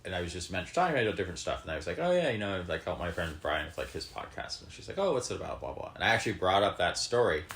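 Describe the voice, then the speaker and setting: A man's voice: deep voice, very animated, rapid-fire, gravelly, few pauses, a bit bright, slight background noise. A man co-hosting a podcast, chatting casually with many hesitations and fillers. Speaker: podcast co-host. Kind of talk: casual chat.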